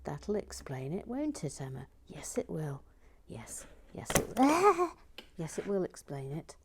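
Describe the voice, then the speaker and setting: Over heavy background noise, a woman hosts a relaxed live LEGO build, murmuring to herself, frequently lapsing into a whisper, and reading viewer comments aloud. Her voice is low-pitched with a measured pace.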